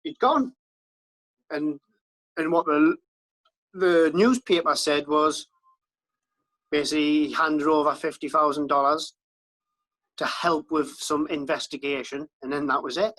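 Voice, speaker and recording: A man's voice: fairly high pitch, measured pace, long pauses, fairly bright tone, poor audio. A man, a podcast guest, recalling events in a wry, incredulous way. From Britain. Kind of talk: conversational recollection.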